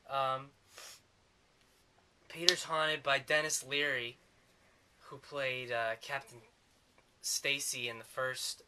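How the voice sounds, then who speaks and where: A man's voice: medium pitch, pushed and bright. A man giving a sarcastic, rambling comedic movie review.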